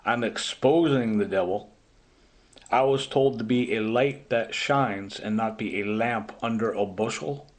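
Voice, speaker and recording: A man's voice: fairly low pitch, a little slow. A man in a ranting vlog monologue, agitated and accusing, repeating his points. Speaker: vlogger.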